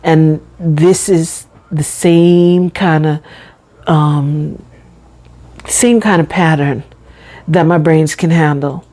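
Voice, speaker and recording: A middle-aged woman talking slowly and deliberately in a personal vlog, carefully enunciating her words and chatting casually. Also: deep voice, steady tone, warm tone. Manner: chatty, says y'all and you know. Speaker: vlogger.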